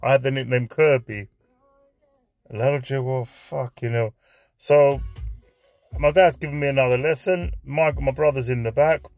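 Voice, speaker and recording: A man in his forties spins a loose personal anecdote, with a medium-pitched voice. He swears freely and slips Greek phrases into his English. His delivery is chatty and unscripted. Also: steady tone, moderate pace, long pauses, a little mellow, dry recording, soft background music. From north London. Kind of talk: anecdotal storytelling.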